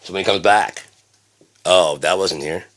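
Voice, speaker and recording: A man with a very low voice rambles through a stream-of-consciousness rant. He jumps from musings on time to blunt, profane gripes, cursing freely as his thoughts wander. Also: unhurried, fairly bright tone, slight background noise. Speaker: solo rambling monologue.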